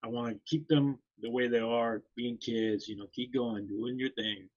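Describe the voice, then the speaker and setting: A man's voice: medium pitch, steady tone, moderate pace, darkish tone, lo-fi sound. A man co-hosting a casual podcast chat, talking loosely with many fillers. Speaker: podcast co-host.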